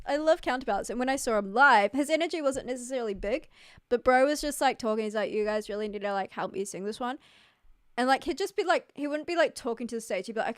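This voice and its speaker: A young woman rambles through a casual livestream chat, giggling and leaning hard on fillers. Her voice is smooth and clear, and the sound is close and dry. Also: mid-range voice, quick pace, no echo. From New Zealand. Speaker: streamer.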